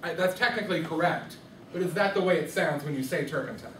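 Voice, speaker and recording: A man's voice: on the high side, expressive, fast talker, fairly bright tone, far from the mic, a little hiss or hum. Man teaching rhythm in an echoey classroom. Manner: questioning, checks understanding often. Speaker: music teacher.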